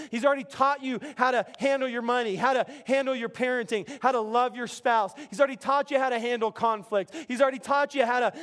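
A man preaching a sermon as pastor, conversational and animated, often restarting his sentences. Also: extremely high pitch.

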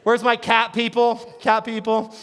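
A man's voice: extremely high pitch, monotone, unhurried, fairly bright tone. A male pastor preaching a sermon in a playful, chatty way, keeps checking in with the audience and restarting his words. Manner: repeats words and restarts often.

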